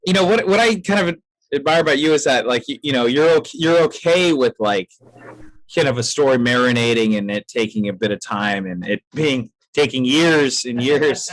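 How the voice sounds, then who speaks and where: Rambling, slightly high-voiced male podcast host. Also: fairly bright tone. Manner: rambling, with many fillers and restarts. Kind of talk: casual chat.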